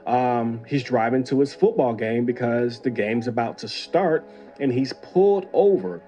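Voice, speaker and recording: A man's voice: mid-range voice, mellow. A man, a former police officer, hosting a casual commentary show in a conversational, opinionated way. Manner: conversational, opinionated, reads viewer email aloud.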